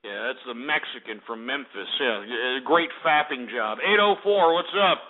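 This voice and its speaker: A man's voice: mid-range voice, lively intonation, normal speed. A man hosting a call-in radio show, ranting and insulting callers in an abrasive manner. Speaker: radio host. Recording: tinny phone-like audio.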